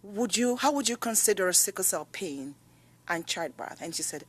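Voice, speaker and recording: A woman giving testimony at a committee hearing as a patient advocate, her voice at a middling pitch. She speaks earnestly, recounting stories and pressing her points with growing emphasis. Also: expressive, moderate pace, a bit bright, slightly rough.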